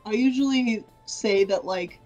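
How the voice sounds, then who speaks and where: Woman dm, mid-pitched, loose and chatty, faint music behind. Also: a little slow, poor audio. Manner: relaxed, chatty with fillers. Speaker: game master. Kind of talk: narrating a tabletop game. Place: home streaming setup.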